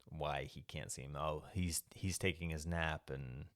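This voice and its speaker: A man with a very low voice, clear and resonant, casually talking through a movie's plot on a podcast. He rambles from scene to scene and swears freely. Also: steady tone, unhurried. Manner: rambling retelling with profanity. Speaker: podcast co-host. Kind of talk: casual movie recap chat.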